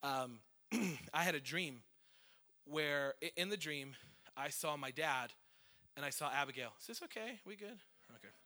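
A man's voice: on the high side, lively intonation, normal speed, long pauses, sharp tone. A man in his thirties, a worship leader, preaching a conversational, emotional sermon with self-deprecating asides.

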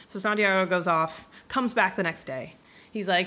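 A young woman with a slightly low voice recaps a story in a loose, irreverent comic style. She is crude and offhand, and she keeps breaking into quick character voices. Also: lively intonation, bright, forceful tone. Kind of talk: casual comedic book recap.

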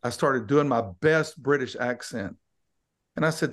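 A man's voice: mid-range voice, takes it slowly. Teasing male podcast co-host. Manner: teasing, storytelling. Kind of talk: casual chat.

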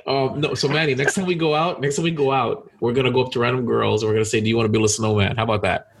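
A young man in casual podcast banter, talking quickly and joking constantly with his friends. He jumps into playful acted-out bits and laughs his way through stories, at a middle pitch. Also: fairly even intonation, gravelly. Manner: fast, joking, laughs often, acts out scenes. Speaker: podcast co-host.

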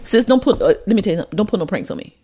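A woman's voice: mid-range voice, racing, a crowd in the background. A woman co-hosting a podcast in a small studio, chatting casually and saying okay a lot. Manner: animated, repeats words, says okay a lot. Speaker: podcast co-host. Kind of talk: casual chat.

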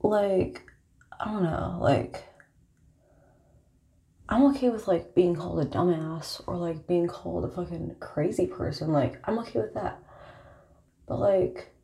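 A young woman with a low, gravelly voice speaks in a casual confessional monologue. She rambles and swears freely, leaning on filler words. Her tone is mellow and dark. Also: unhurried, pauses often. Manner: rambling, profane, heavy use of filler words. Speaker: vlogger.

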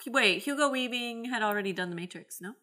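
A woman co-hosting a podcast, chatting casually with quick, expressive interjections. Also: on the high side. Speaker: podcast co-host. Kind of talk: casual chat.

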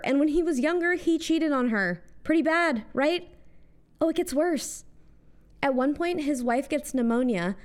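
A young woman with an American accent delivers a scripted comic monologue in a high, bright-toned voice. She lands sarcastic asides with punchy timing, swinging her tone up and down for effect. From United States. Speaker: host.

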